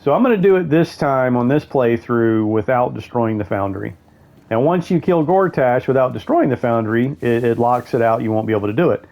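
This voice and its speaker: A man's voice: medium pitch, expressive, a little fast, a little mellow. A man giving casual let's-play commentary, rambling and thinking aloud as he plays, correcting himself as he goes. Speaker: gameplay commentator.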